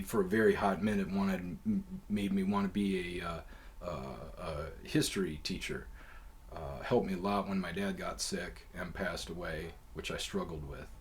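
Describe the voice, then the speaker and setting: Low-voiced man telling a loose, profane story. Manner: profane, loose and conversational with many fillers. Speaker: podcast host. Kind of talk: casual rambling storytelling.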